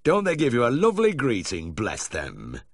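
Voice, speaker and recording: Brief: man putting on a high, giggly, fawning dog owner, storybook reading. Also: wildly swooping pitch, normal speed, slightly rough, no echo, studio quality, exaggerated voice. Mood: gleeful. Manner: gushing, giggling.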